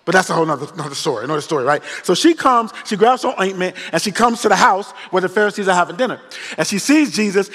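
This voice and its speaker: A male pastor preaching a storytelling sermon, joking in slangy, animated retelling. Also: high voice. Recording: long reverb of a large hall.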